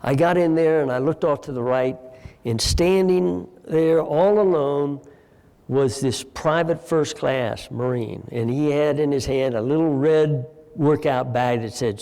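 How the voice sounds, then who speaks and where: A man in his sixties, a retired general, telling heartfelt stories to an audience in a large lecture hall, measured and pausing often. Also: medium pitch, vocal fry, warm tone. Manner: measured, heartfelt storytelling with pauses. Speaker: retired general giving a guest talk.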